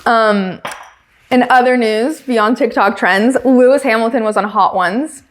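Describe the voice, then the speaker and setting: A woman hosting a podcast in a casual chat, talking in a chatty way with quick asides and frequent laughter. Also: a little high. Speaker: podcast host.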